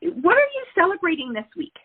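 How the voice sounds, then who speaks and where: A woman's voice: very high-pitched, sing-song, a little fast. A woman hosting an interview, agreeable and encouraging toward her guest. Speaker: host. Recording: tinny phone-like line.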